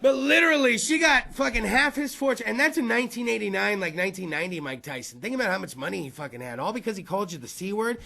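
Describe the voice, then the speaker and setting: A podcast host with a high-pitched, creaky, sharp voice rattles through a comedic storytelling monologue, fast and animated with hardly any pauses. His rambling stories are full of profanity and frequent laughter.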